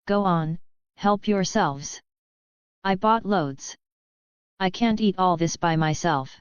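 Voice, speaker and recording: A woman's voice: on the low side, slow pace, clear, resonant tone, dry recording, muffled recording. A woman voicing an eager, generous eleven-year-old boy wizard in a storybook reading.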